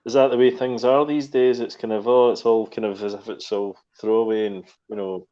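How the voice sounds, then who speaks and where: A man's voice: fairly low pitch, fairly even intonation, a little fast, warm tone. A Scottish man co-hosting a podcast, putting in brief interjections and musing asides in casual chat. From Scotland. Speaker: podcast co-host. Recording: dull lo-fi podcast audio.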